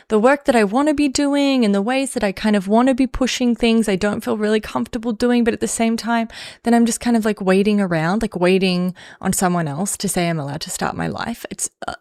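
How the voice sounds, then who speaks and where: A woman's voice: medium pitch, brisk, no room sound, clean studio sound. An Australian woman hosting a casual livestream who rambles with lots of fillers and self-mocking humor. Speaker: livestream host.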